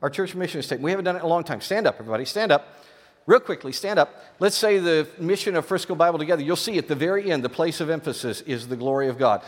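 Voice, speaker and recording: A man preaching a sermon as pastor, animated, moving between quiet asides and loud exhortation. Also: fairly high pitch, racing, hardly any pauses. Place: large church sanctuary. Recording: reverberant hall.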